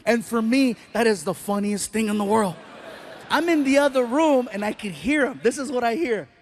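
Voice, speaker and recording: Stand-up comic, man in his forties, strikingly high voice, animated and punchy, live stage with a faint hum. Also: normal speed. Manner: animated, punchy, acts out characters. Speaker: stand-up comedian. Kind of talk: stand-up comedy storytelling. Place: stage before a live audience.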